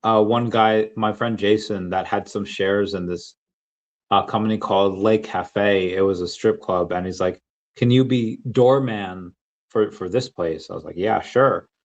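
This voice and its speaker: A man's voice: lowish voice, steady tone, a little slow, dull audio. Rambling male podcast host. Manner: rambling, lots of fillers and restarts. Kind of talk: casual storytelling chat.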